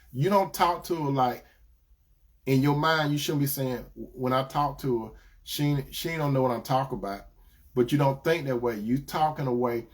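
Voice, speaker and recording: A man giving Christian relationship advice in a preaching style, repeating his points and calling listeners brothers and sisters. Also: medium pitch.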